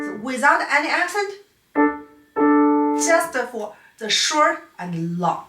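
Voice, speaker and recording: A woman's voice: sits high, sing-song, slow, long pauses, far from the mic. A female piano teacher whose first language is Chinese, giving a patient, explanatory online lecture on playing technique. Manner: patient, explanatory, non-native phrasing. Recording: echoey room, voice a bit off-mic.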